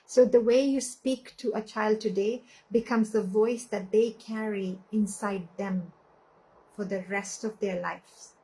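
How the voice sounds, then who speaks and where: A woman giving a slow, earnest motivational talk with pauses, on a live stream. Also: mid-range voice, fairly even intonation, mellow, poor audio. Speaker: speaker.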